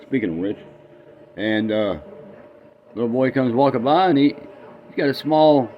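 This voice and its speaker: A man's voice: mid-range voice, lively intonation, moderate pace, highs cut off, a little hiss or hum. Rambling man in his garage. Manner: rambling, folksy, self-deprecating. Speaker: vlogger. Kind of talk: casual joke-telling vlog.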